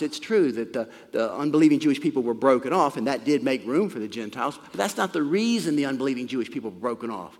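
Animated male preacher in a reverberant hall. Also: mid-range voice, fast talker, hardly any pauses. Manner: animated preaching with emphatic rises and soft drops. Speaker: pastor. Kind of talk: sermon. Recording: long reverb of a large hall.

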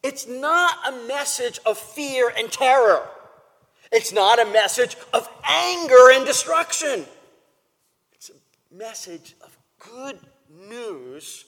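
A man preaching a sermon as pastor, emphatic and animated, repeating phrases for weight. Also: very high voice, takes it slowly, long reverb tail.

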